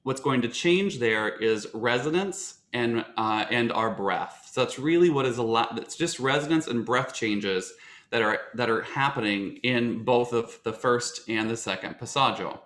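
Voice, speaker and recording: A man lectures on voice teaching in a bright, forward voice, circling back on himself with fillers and restarts as he explains. The room around him is echoey. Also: mid-range voice, unhurried.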